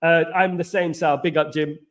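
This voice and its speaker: Animated English man, slightly high voice. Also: moderate pace. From England. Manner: animated, repetitive, banter-heavy with slang shout-outs. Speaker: live stream host. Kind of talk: casual live-stream chat reading viewer comments.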